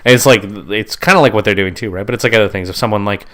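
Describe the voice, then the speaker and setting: A man's voice: on the low side, quick pace, a bit bright. A man co-hosting a podcast in casual chat, rambling and stringing his thoughts together with "like" and "right?". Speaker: podcast co-host.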